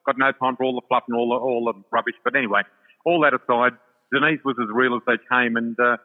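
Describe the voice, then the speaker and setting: A man's voice: medium pitch, level tone, fast talker. An older man with an Australian accent tells his story in a chatty, effusive manner, with many ums along the way. His voice sits in a middling register. It comes through a tinny, phone-like line with a long, hall-like reverb. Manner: warm, chatty, effusive, full of fillers. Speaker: psychic guest. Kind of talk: casual storytelling chat.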